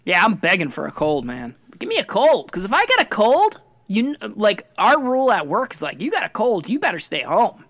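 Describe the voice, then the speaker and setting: A man co-hosting a comedy podcast, animated and arguing with mock outrage. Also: high-pitched, fairly quick, few pauses, no echo, clean studio sound. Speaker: podcast co-host. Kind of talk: casual comedic chat.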